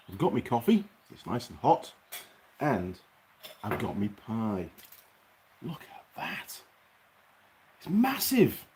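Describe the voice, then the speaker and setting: A man's voice: on the low side, a little mellow, a little hiss or hum. Guy chatting on a workshop livestream, reads comments, moans a bit. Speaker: host. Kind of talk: casual livestream chat.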